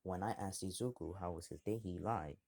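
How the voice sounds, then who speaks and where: A man voicing a suspicious mother who questions her son quickly and pointedly. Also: deep voice, creaky, a little mellow.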